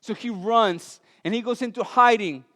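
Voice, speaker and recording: Accented pastor preaching in a reverberant church. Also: male voice, normal speed. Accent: non-native English, Latin American. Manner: earnest storytelling with self-deprecating jokes, drops soft and low for weighty lines. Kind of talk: sermon. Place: church sanctuary. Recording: long church hall reverb.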